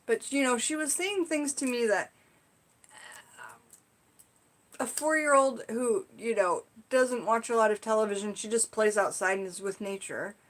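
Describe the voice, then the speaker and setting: A woman's voice: on the high side, normal speed, pauses often. A woman talks casually on a live stream, teaching about spiritual topics. Her speech wanders, full of fillers like "like" and "you know", as she tells stories and asks her viewers to guess. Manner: chatty, rambling, frequent "like" and "you know". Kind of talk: casual livestream teaching and storytelling.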